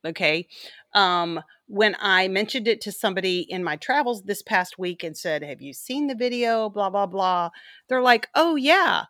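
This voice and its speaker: A woman hosting a podcast in casual chat, playful and bubbly, with quick asides to her co-host. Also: medium pitch, fairly bright tone, no echo, studio quality.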